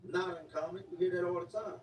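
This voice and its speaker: Speaking quickly in a high, steady voice, this man tells a casual story full of slang, hammering points home by repeating words. It was captured in an echoey room from a distant mic, with a little noise underneath.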